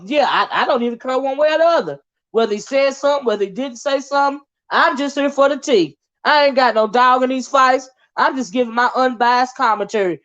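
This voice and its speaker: A woman's voice: on the high side, fairly bright tone, highs cut off. A woman hosting a casual gossip livestream, chatty and drawling. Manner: chatty, drawling, calls viewers child and honey. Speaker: livestream host.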